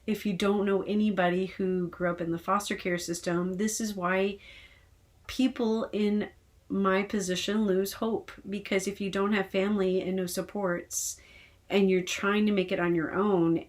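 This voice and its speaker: A woman from Texas venting in a casual personal vlog, frustrated and rambling with many hesitations. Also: medium pitch. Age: adult with decades of work history. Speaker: vlogger.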